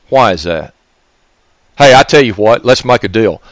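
A man's voice: lowish voice, lively intonation, moderate pace, dry recording. A man, hosting his own radio show in a profane, sneering, ranting monologue. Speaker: radio host.

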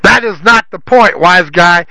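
Man voicing a gaunt old patriarch, bossy and bellowing, raised pitch, dry close sound. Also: measured pace, sharp tone, no room sound, exaggerated voice, poor audio. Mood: scolding. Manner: bellowing, scolding. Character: decrepit old father, stern and bossy.

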